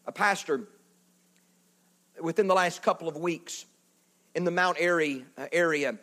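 A male pastor preaching a sermon in a church, swinging from loud declarations to hushed words, with folksy asides to the congregation. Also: on the high side, unhurried. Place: church building.

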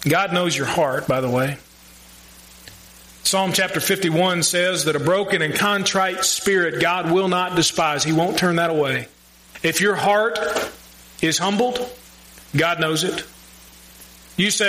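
A man preaching a sermon, earnest and conversational, with emphatic pauses and direct questions to the congregation. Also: fairly high pitch, pushed and bright, low-quality recording. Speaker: pastor.

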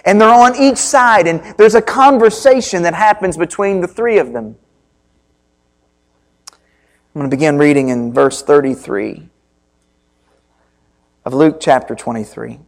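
A male pastor delivers a sermon at an unhurried, very slow pace. His voice sits a little higher than most men's. He pauses between phrases and lets each line land. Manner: slow, deliberate preaching with pauses. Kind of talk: sermon with scripture reading.

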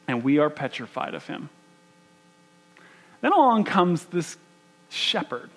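A man preaching a sermon, animated and emphatic, often restarting his phrases. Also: a little high. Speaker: pastor.

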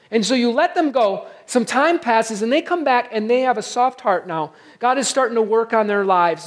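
A pastor preaching a sermon in a conversational way, reading scripture aloud and checking in with the listeners. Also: medium pitch. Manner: reads scripture aloud between comments.

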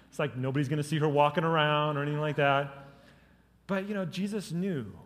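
A male pastor preaching a sermon. He is animated and swings from loud to soft, with jokes for the congregation. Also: fairly high pitch, quick pace, big-room sound.

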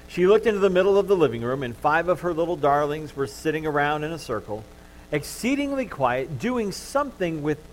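A man's voice: fairly high pitch, a little hiss or hum, low-quality recording. Pastor man preaching a sermon. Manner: animated storytelling, softening to gentle comfort. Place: church.

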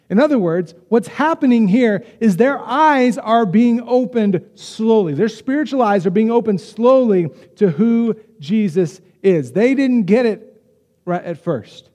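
A man preaching a sermon as the pastor, in a conversational, animated way with quick acted asides. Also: high voice, long reverb tail.

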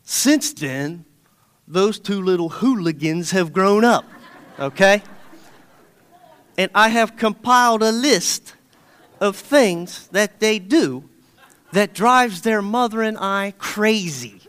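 A man's voice: high voice, lively intonation, slow pace, pauses often, a bit bright. A man in his thirties preaching a sermon, folksy and conversational, often checking in with the congregation. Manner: folksy, storytelling, often asks okay?.

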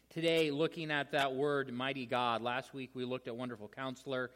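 A man preaching a sermon, teaching in a relaxed conversational way with many fillers and restarts. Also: medium pitch, moderate pace, few pauses, big-room sound. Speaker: pastor.

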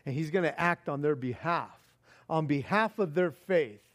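A male preacher delivering a sermon as an animated story, firing rhetorical questions, chuckling, then easing into soft reflective passages. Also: fairly high pitch, moderate pace.

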